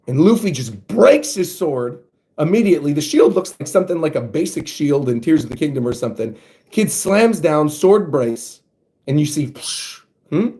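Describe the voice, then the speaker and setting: A man hosting a casual reaction, thinking out loud as he reads panels aloud. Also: sits high. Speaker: manga reaction host.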